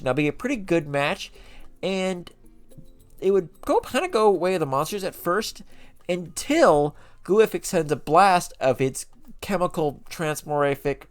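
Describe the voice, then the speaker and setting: Chatty man recapping lore, rambling. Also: mid-range voice. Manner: rambling, chatty, self-correcting. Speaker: lore channel host.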